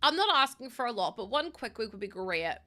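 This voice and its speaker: A woman's voice: a little high, big pitch swings, a little fast, pushed and bright. A tired young woman, chatting casually with her viewers during a live game stream, giggly and rambling. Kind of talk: casual live-stream chat while playing.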